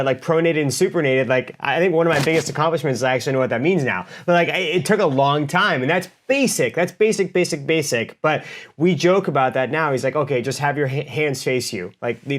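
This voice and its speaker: A man's voice: on the high side, fairly bright tone. A man hosting a podcast, asking long, enthusiastic, rambling questions. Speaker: podcast host. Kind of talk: casual interview chat.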